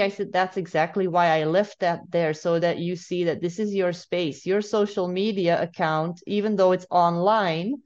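A woman guest and spiritual mentor telling a story in a calm, steady way with a few restarts. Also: lowish voice, measured pace. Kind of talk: casual storytelling in conversation. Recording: dull, muffled remote audio.

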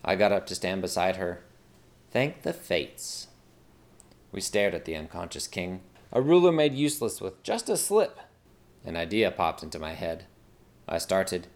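A man's voice: low-pitched, lively intonation, normal speed, creaky, a little mellow. A man narrating a comic fantasy story in a wry, dramatic storytelling manner.

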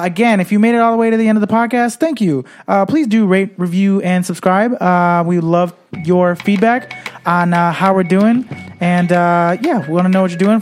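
A man's voice: high voice, darkish tone. A man co-hosting a casual sports podcast, running the topics and wrapping up the episode. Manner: wraps up the show, quick and chatty. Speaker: podcast co-host. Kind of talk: casual chat.

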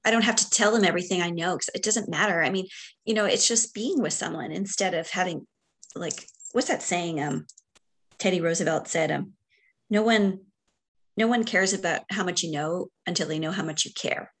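A middle-aged woman, a podcast guest, speaking in a reflective, unhurried way, with frequent fillers and light laughter. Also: fairly low pitch, a bit bright, breathy edge. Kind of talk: casual conversation.

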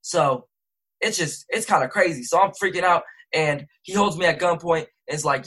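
A man's voice: a little high, normal speed, fairly bright tone, breathy edge, poor audio. A young man, a rapper and interview guest, telling a rambling casual story full of slang and self-corrections. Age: young adult.

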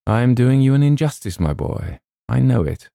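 A man voicing a stern, menacing old male colonel who speaks in a quiet, grave way. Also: medium pitch, animated, normal speed, vocal fry, dry recording, clean studio sound, pitched above the performer's own voice. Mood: kindly.

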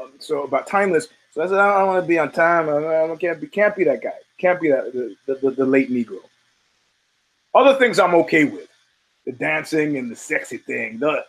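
A man's voice: fairly high pitch, low-quality recording. A male show host giving a blunt, rambling commentary monologue full of profanity and restarts.

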